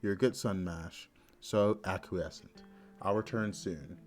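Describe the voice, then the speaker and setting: A man voicing a kind, patient older father who speaks slowly and softly. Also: low-pitched, faint music behind. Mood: gentle. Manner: slow, soft and fatherly.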